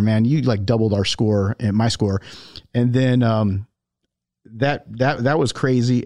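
A man's voice: mid-range voice, a little mellow, no echo, clean studio sound. A man hosting a podcast, casually telling a long story to a friend and laughing often. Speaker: podcast host.

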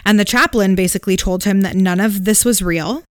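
A woman's voice: mid-range voice, a little fast, clear, resonant tone, no room sound. A woman co-hosting a podcast, casually retelling a ghost story with "um"s and "like"s. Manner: relaxed retelling with fillers and hedges. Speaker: podcast co-host.

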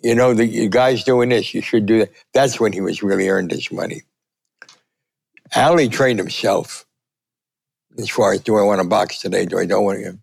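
An older man, a veteran sportswriter telling a lively story and acting out the quotes. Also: moderate pace, creaky, slightly rough. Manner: lively, acts out quotes with big pitch jumps. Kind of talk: animated storytelling.

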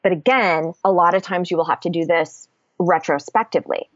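A woman's voice: on the low side, a little fast, no room sound. Candid woman with a dull, dry sound. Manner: candid, explanatory, swears casually. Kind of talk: casual podcast conversation.

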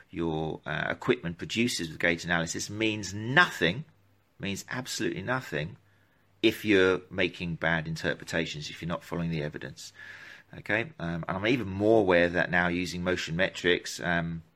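A man talks through a live stream about gait analysis for runners. His voice sits low but comes across bright and forceful. He rambles, breaks off mid-thought and adds chatty asides as he answers viewers. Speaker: running gait analysis clinician.

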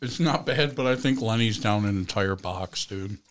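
A man's voice: lowish voice, normal speed, a little hiss or hum. A man hosting a casual livestream chat, joking and swearing while eating. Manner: joking, profane, eats while talking. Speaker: host.

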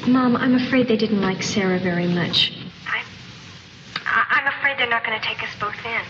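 An actress playing a soft-hearted young college woman who pleads and hesitates, in a dull, hissy old film recording. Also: a little high, normal speed, recorded from a distance, lightly acted. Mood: pleading.

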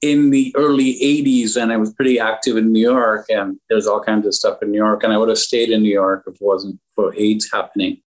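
A man's voice: fairly low pitch, little pitch movement, fairly quick, few pauses, rough recording. A man from Lebanon, interviewed as an entrepreneur and art collector, telling rambling anecdotes with restarts.

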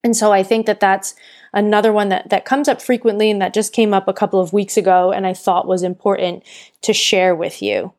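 A woman hosting her own podcast with an earnest, encouraging delivery and a middle-pitched voice. She talks straight to her listeners and now and then stops to correct herself mid-thought. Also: steady tone, brisk, darkish tone. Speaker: podcast host and burnout coach. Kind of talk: casual solo podcast talk.

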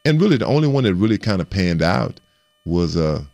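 Male guest, very low and rough-edged voice, chatty storyteller with lots of restarts, dry close sound. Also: brisk, no echo, faint music behind. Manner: animated storyteller who repeats and restarts words and acts out quotes. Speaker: guest recounting his playing career. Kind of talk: casual storytelling interview.

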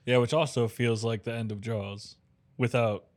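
Male co-host, dry wit, relaxed movie chat, medium voice. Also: mid-range voice, normal speed. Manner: dry, wry, laughing along. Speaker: podcast co-host. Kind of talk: casual movie review chat.

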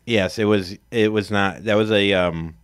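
A man's voice: lowish voice, fairly even intonation, a little slow, clear, resonant tone, no room sound, clean studio sound. A man co-hosting a podcast, chatting casually, telling loose stories and swearing freely. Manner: loose, storytelling, swears freely, laughs often. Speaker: podcast co-host. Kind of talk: casual chat.

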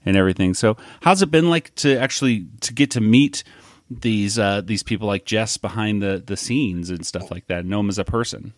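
A man hosting a podcast, chatting casually with a guest, halting and restarting often. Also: on the low side, dry recording, clean studio sound. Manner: halting, lots of uh fillers and restarts. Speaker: podcast host.

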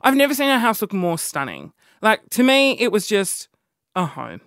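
A young Australian woman talks in an animated, rambling way and keeps poking fun at herself. Her pitch swings all over the place. The sound is dry and close, with no room echo. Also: moderate pace. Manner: animated, rambling, self-mocking. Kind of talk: casual monologue.

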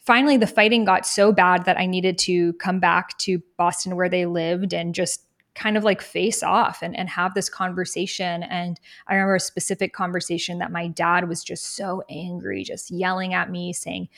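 A woman's voice: fairly low pitch, moderate pace, gravelly. A young adult woman, a guest in an interview, telling her life story in an earnest, reflective way and briefly acting out other people's words. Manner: earnest, reflective, animated when quoting others. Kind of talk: personal storytelling in conversation.

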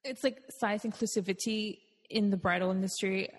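A woman's voice: mid-range voice, fairly even intonation, moderate pace. A woman hosting a podcast interview, asking long rambling questions with restarts. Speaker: podcast host. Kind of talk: conversational interview. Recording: long room reverb.

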